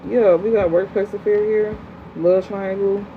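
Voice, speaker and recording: A blunt tarot reader talks through a livestream reading in fast, slangy, profane bursts and answers the chat. The audio is thin and phone-like. A faint hum sits underneath. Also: medium pitch, steady tone.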